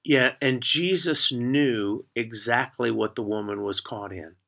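A man co-hosts a devotional podcast, reading scripture aloud in a measured way and then reflecting on it. His voice has a gravelly edge. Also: medium pitch, pushed and bright. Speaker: podcast co-host.

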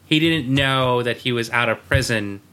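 Bright-voiced man joking on a podcast. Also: mid-range voice, moderate pace, clear, resonant tone. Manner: joking, self-aware, easygoing. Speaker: podcast co-host. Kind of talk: casual podcast chat.

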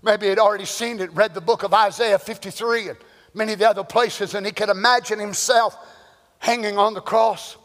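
High-voiced impassioned male preacher. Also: fairly even intonation, brisk. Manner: impassioned, swings from shouting to hushed. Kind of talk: sermon. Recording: long hall reverb.

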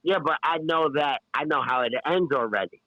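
A man's voice: fairly high pitch, moderate pace, bright, forceful tone, no echo. Laid-back man from Haiti, lo-fi. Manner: laid-back, slangy, casual. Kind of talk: casual chat. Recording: dull dry lo-fi sound.

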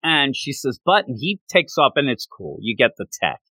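Man, podcast co-host, casual recap, chuckling, rambling, lively pitch, dry sound. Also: normal speed, no room sound.

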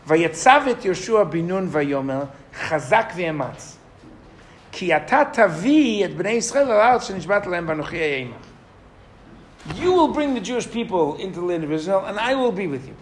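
A man's voice: sits high, very animated, normal speed, a little hiss or hum. A middle-aged man teaching a Torah lesson to a classroom, asking the students questions and reading Hebrew verses aloud.

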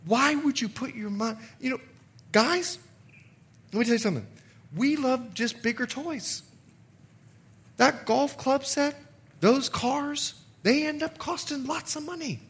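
A middle-aged man, a pastor, preaching a sermon in an animated way, acting out quotes and laughing often. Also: extremely high pitch, measured pace, long pauses.

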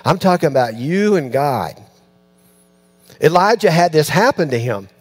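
A pastor with a fairly high-pitched, husky voice preaches at a moderate pace, telling stories with animation. He voices the people in his stories and drops to a hush for the quiet lines, while a faint electrical hum runs under the recording.

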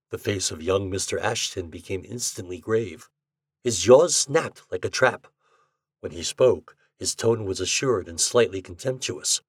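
A man narrating classic short fiction in a measured, expressive storytelling way. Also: on the low side, breathy edge, no room sound, clean studio sound. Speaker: podcast narrator.

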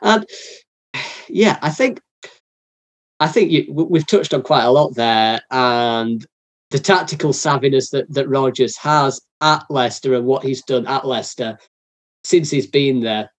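A man's voice: medium pitch, unhurried. A man hosting a casual football podcast, often repeating words as he thinks aloud. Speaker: podcast host.

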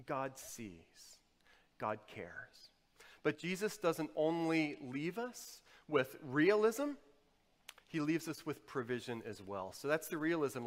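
A male pastor delivers a sermon from the pulpit of a church. His voice sits a little high for a man, and the sound rings out with long reverb in the large room. His delivery moves between quiet, pointed emphasis and loud, driving exhortation. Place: church sanctuary.

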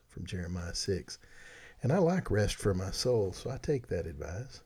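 A man's voice: low voice, very animated, moderate pace, darkish tone, breathy edge. A middle-aged man casually telling a rambling, folksy story to his viewers, with restarts and asides. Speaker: vlogger.

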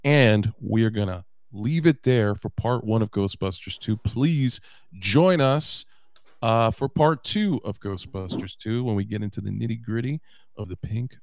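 A man's voice: fairly low pitch, a little slow, darkish tone, no room sound, clean studio sound. A man in his late thirties hosting a casual movie podcast, recapping the plot with loose, sweary asides. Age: 30s. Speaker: podcast host.

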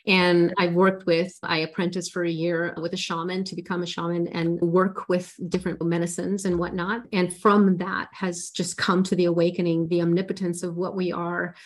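A woman's voice: fairly low pitch, level tone, moderate pace, few pauses. A woman in her forties, a life coach, telling her personal story in an interview in an earnest, emotional way, often restarting her sentences.

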